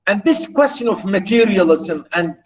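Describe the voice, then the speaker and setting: A man's voice: high-pitched, lively intonation, normal speed, far from the mic, low-quality recording. A man lecturing on literature, who repeats and restarts phrases as he explains and points out British pronunciation.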